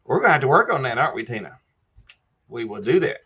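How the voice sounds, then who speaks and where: A man's voice: mid-range voice, very animated, quick pace, breathy edge, dull audio. A man hosting a casual live chat. He reads viewer comments aloud and answers them by name in a folksy way. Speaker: livestream host answering viewer questions.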